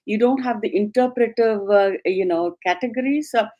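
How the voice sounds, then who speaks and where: Woman from India, professor, reflective, halting, filler-heavy speech. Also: mid-range voice, dark tone, highs cut off. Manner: hesitant, many fillers, thoughtful. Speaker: professor and guest. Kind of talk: reflective interview talk.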